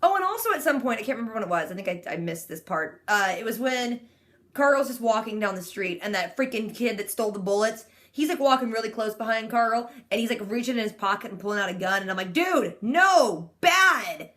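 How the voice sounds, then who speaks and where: A young woman in her twenties with a slightly high voice gives a chatty recap of a TV episode. She talks casually and sarcastically, leaning on "like" all the time. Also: fast talker, fairly bright tone. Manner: sarcastic, chatty, heavy use of "like". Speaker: vlogger.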